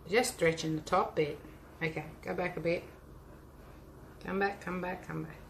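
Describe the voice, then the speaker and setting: A woman's voice: lowish voice, fairly even intonation, normal speed, gravelly. A woman with an Australian accent chatting casually with live viewers while she paints, teacher-like and friendly in her asides. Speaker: art teacher and vlogger. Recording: roomy echo with faint hum.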